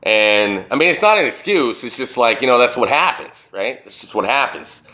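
A young man telling a rambling, profane story to the camera, swinging between loud retellings and low muttering. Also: sing-song, normal speed. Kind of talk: casual storytelling monologue to camera. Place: indoors, wall behind him.

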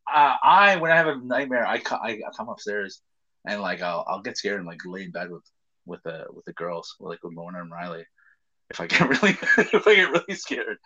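A man's voice: fairly low pitch, animated, fairly quick, sharp tone, slightly rough, muffled recording. A man in casual chat, telling stories animatedly, acting out quotes and swearing often.

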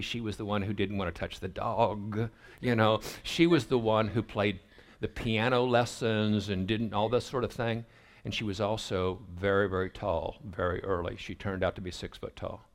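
A middle-aged man with a somewhat low voice preaches in a storytelling manner. He acts out the quoted lines from his family life as he goes. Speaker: pastor. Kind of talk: sermon storytelling.

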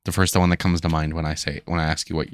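A young man with a very low voice trades teasing jokes as a podcast co-host. He cuts in often and keeps the banter light. The recording is close and dry. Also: little pitch movement, no echo. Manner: teasing, interjecting, quick to laugh. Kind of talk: casual podcast chat.

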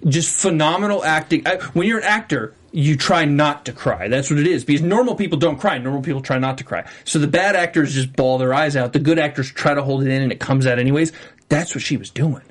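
A young man co-hosting a TV after-show in casual chat, enthusiastic and emphatic, talking in quick bursts. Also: fairly high pitch.

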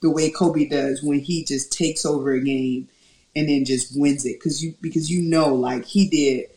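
A woman co-hosting a casual sports chat, telling stories with lively acted-out quotes. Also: low voice, moderate pace, echoey room. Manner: animated storyteller who acts out quotes.

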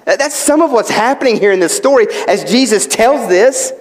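Man, pastor, high voice, impassioned sermon, rhetorical questions, long hall reverb. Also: lively intonation, moderate pace, hardly any pauses. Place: church sanctuary.

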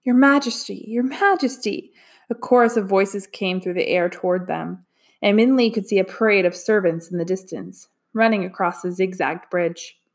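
A woman narrating a storybook in a calm, even way. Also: fairly low pitch, normal speed. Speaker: audiobook narrator. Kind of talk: storybook reading.

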